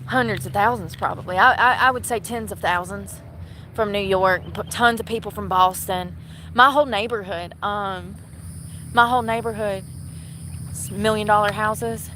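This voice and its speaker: A woman's voice: medium pitch, moderate pace, bright, forceful tone. A young woman from North Carolina, rambling casually to her phone camera for a vlog. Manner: chatty, rambling, laughs often. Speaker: vlogger. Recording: outdoor noise with boat and water sounds.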